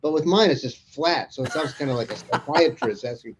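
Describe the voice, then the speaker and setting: A man's voice: fairly high pitch, a little fast, slight background noise. A man as an interview guest, chatting casually and rambling through anecdotes with frequent chuckles. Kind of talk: casual conversation.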